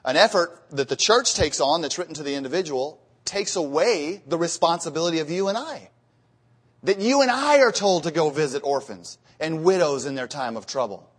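Man, sermon, earnest and emphatic, fairly high voice. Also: animated, moderate pace, husky. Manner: earnest, rising to emphatic peaks, with repeated words. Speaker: preacher.

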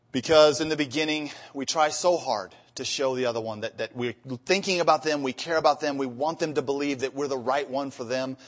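A man preaching on marriage to his congregation, his voice at an ordinary middle pitch. He tells humorous stories about married life, then reads scripture with rising emphasis. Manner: storytelling with acted-out marital dialogue. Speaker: pastor. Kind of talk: sermon.

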